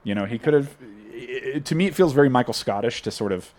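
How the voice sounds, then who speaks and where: Brief: male podcast host, casual rambling recap, mid-pitched voice. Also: lively intonation, fast talker, darkish tone. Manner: rambling, retells scenes with quoted voices.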